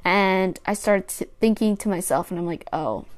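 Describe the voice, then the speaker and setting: A woman's voice: mid-range voice, steady tone, moderate pace, clear, resonant tone. A young woman hosting her own podcast, telling a rambling personal story in a casual, chatty way with lots of restarts. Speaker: podcast host.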